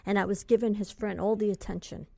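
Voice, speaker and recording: A woman in her forties from California, a guest telling a tense story in an interview, lively and confiding. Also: mid-range voice, quick pace, vocal fry, no room sound, clean studio sound. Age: 40s.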